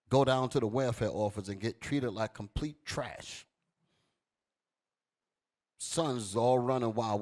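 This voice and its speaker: A man preaching a fiery sermon, commanding a reader to read verses and then expounding them. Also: breathy edge. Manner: swings from low and quiet to loud and high. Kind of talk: street sermon with scripture reading.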